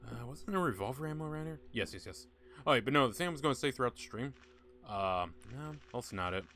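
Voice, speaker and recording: A man's voice: mid-range voice, lively intonation, fast, bright, forceful tone, slight background noise. A man giving rambling, offhand let's-play commentary as a game streamer, swearing freely.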